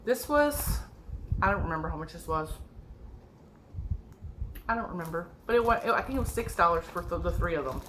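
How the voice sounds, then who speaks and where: A middle-aged woman with a nasal, stuffed-up voice excitedly showing off her yarn haul in a casual video, gushing and laughing often. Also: lowish voice, a little fast, pauses often, slight background noise, rough recording. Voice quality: nasal from a cold. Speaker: yarn and crochet vlogger. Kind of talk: excited casual show-and-tell.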